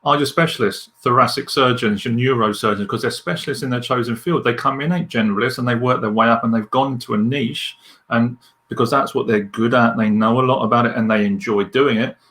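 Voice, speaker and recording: A man with a gravelly, fry-edged voice at a middling pitch tells stories with candid energy. He talks as a leadership coach, sharing frank experiences in a podcast interview. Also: a little fast. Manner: candid, animated storyteller.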